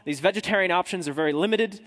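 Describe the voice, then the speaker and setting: Guy with a high voice telling funny travel stories on stage, joking asides, echoey hall. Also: fast, fairly bright tone. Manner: chatty, self-deprecating, with asides to the audience. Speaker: journalist telling a story to an audience. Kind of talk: humorous live storytelling talk.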